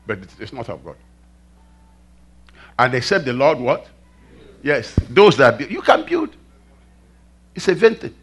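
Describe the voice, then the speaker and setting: A male preacher delivering a sermon, animated, throwing rhetorical questions at the congregation. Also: mid-range voice, unhurried, pauses often, breathy edge.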